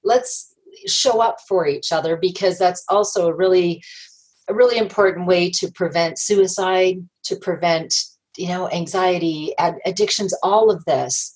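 Animated woman guest, low voice. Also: measured pace, poor audio. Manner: animated storyteller, acts out quoted voices, laughs often. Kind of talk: conversational interview.

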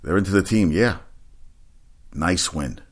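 In a slightly low, slightly rough voice at a measured pace, a man rambles excitedly through casual sports talk, cursing freely. He sounds like a personal trainer recapping his day and the games he watched, with a loose, unscripted delivery.

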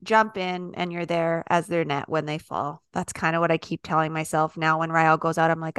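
A woman co-hosting a podcast, telling stories in a casual, animated way. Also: sits low, moderate pace, clean tone, no room sound, clean studio sound. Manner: animated, easygoing storyteller. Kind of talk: casual storytelling.

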